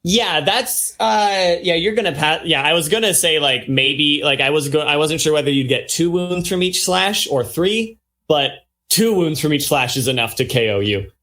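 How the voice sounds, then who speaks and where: A man running a tabletop role-playing game as game master, slowing down for dramatic narration. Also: a little high, expressive, pushed and bright.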